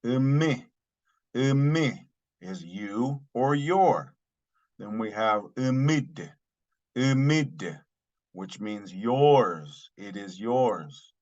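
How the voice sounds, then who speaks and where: A man teaching a language lesson, saying each phrase twice slowly and then explaining it in plain terms. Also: medium pitch, animated, darkish tone, highs cut off. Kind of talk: slow spoken language lesson.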